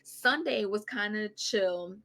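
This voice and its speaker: A young adult woman co-hosting a podcast, casually telling an animated anecdote and swearing offhandedly. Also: medium pitch, slow pace. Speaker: podcast co-host. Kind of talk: casual chat.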